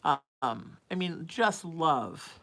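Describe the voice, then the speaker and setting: A woman's voice: low voice, animated, extremely slow, fairly bright tone. A woman hosting a psychic livestream, chatting casually and reading viewer texts aloud. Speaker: psychic medium livestream host.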